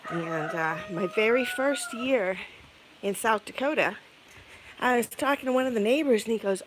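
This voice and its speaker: A woman's voice: on the high side, animated, moderate pace, a bit bright. A woman vlogger telling a rambling story while feeding chickens outdoors on a farm, laughing often. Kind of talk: casual storytelling while doing farm chores. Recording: outdoor recording with clear background noise.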